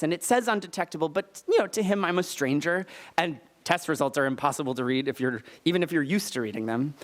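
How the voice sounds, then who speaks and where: Earnest man telling a story on stage. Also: sits high. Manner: earnest and candid, with lively emphatic retellings of dialogue. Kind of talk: live personal storytelling on stage. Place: stage at a live storytelling night in a club venue.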